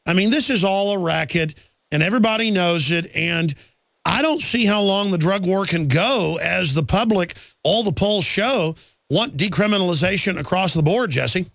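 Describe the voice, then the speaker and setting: A man's voice: high-pitched, animated, moderate pace, vocal fry, a bit bright, no echo. A man hosting a talk radio show, speaking in an emphatic, ranting way. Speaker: radio host.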